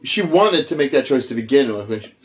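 A man's voice: medium pitch, animated, a little fast. A man in casual film chat who jokes a lot and hesitates, with many fillers. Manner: joking, hesitant, filler-heavy.

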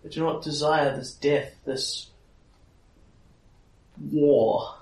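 A man's voice: medium pitch, steady tone, slow pace, voice pushed up. A man voicing a sorrowful, regal fae queen who speaks solemnly and pleads. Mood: sorrowful, pleading. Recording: echoey room, mic at a distance.

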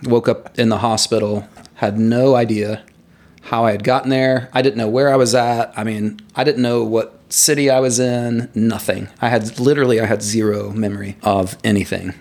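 Male guest, mid-range voice, animated casual storyteller. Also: mid-range voice, moderate pace. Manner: animated storyteller who laughs at his own story. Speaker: guest telling a personal story.

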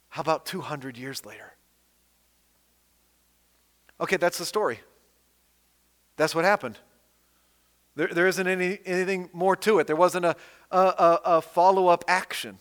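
A man with a fairly high voice preaches a sermon, his words lingering in a long, ringing reverb. He reads scripture with strong, rising and falling emphasis. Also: fairly bright tone.

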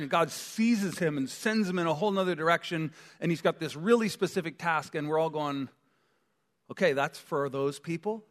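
A man's voice: high voice, fairly bright tone. A man preaching a sermon as pastor, conversational and full of joking asides. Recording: long church hall reverb.

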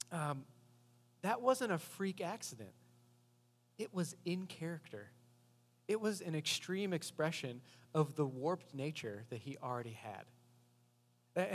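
A male pastor preaching a casual, story-driven sermon, his voice sitting a little high. He talks like he is chatting with the congregation. A long reverb from the hall follows his words. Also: slightly rough. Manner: conversational, animated storytelling.

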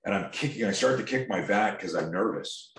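Deep-voiced man telling rambling stories. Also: lively intonation, brisk, a bit bright, slight background noise. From Canada. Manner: rambling, profane, many restarts and fillers. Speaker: guest, coach on fear. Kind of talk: casual interview storytelling.

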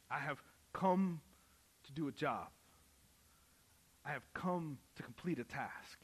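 A man's voice: on the high side, unhurried, slightly rough. Impassioned male preacher. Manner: swings from hushed scripture reading to loud impassioned preaching. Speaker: pastor. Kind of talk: sermon.

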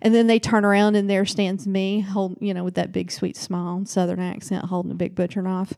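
A woman co-hosting a podcast in casual chat, animated and jokey, swearing freely. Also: mid-range voice, fairly quick, creaky. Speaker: podcast co-host.

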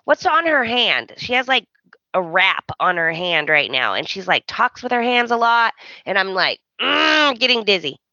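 Animated, snarky woman podcast co-host. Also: medium pitch, normal speed, dry recording, highs cut off. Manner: chatty, animated, playfully snarky. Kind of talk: casual chat recapping a soap opera.

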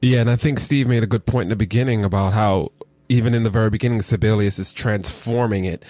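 Low-voiced male podcast co-host. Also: fairly even intonation, fast talker, mellow, no room sound. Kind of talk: casual theological discussion.

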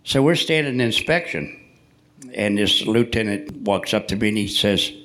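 A man's voice: fairly low pitch, lively intonation, normal speed, a bit bright, a little hiss or hum. An older man, a Navy veteran, telling jokey stories live to an audience in a church hall. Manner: jokey, punchline-driven, chatty with the audience. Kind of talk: joking live storytelling.

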